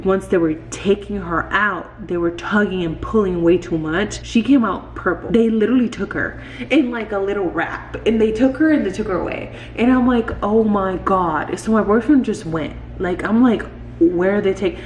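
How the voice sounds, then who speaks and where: A young woman vlogger telling a story in an expressive casual style, swearing freely and filling her sentences with "like". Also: medium pitch, normal speed, a little hiss or hum. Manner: expressive, swearing, many "like" fillers. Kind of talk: storytime vlog. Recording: echoey room with faint ambience.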